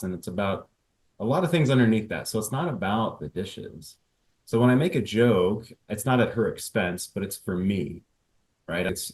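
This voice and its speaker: A man coaching a caller about marriage, playful and quick to act out both sides of an argument. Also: fairly low pitch. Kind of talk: coaching call.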